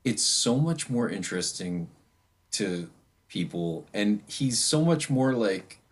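A man's voice: on the low side, animated, slow pace, husky. A man in a casual podcast chat, talking bluntly with profanity and trailing fillers. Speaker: podcast co-host.

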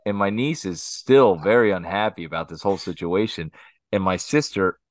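A man co-hosting a podcast who tells family anecdotes in a casual, animated way. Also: low-pitched, moderate pace, dry recording, clean studio sound. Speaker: podcast co-host. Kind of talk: casual storytelling chat.

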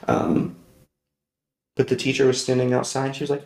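This podcast host speaks in a mid-range, darkish voice with vocal fry, his delivery flat and a little fast. Telling personal stories, he wanders off track, fixes his own words, and laughs often. The room sounds echoey and spacious.

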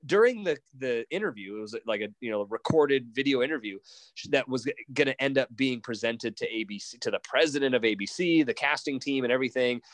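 A man's voice: medium pitch, a little fast, no echo. A man telling a personal story in a casual interview, acting out bits of dialogue and restarting sentences often. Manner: animated, quotes dialogue, frequent restarts. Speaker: interview guest.

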